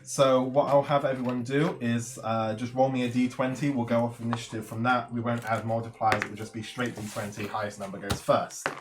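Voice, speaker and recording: A man of ordinary pitch runs a tabletop game, setting scenes and walking the players through the rules. He speaks in a measured, explanatory way and fills his pauses with um and uh. A faint hiss sits behind him. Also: level tone. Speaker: game master.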